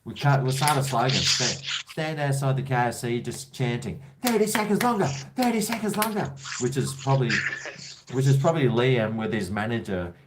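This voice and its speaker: A man's voice: mid-range voice, moderate pace, very noisy. An Australian man from Brisbane hosting a casual call-in show, with jokey, blokey banter. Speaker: host of a call-in livestream.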